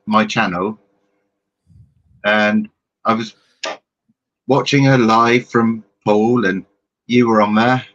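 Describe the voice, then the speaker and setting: Slow-talking man on dull call audio. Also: on the low side, pushed and bright. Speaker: livestream guest. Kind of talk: casual chat.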